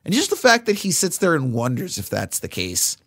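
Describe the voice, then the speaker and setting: A man's voice: fairly high pitch, wildly swooping pitch, a little fast, fairly bright tone, no echo, studio quality. A male podcast co-host casually recapping a film scene by scene, with many fillers.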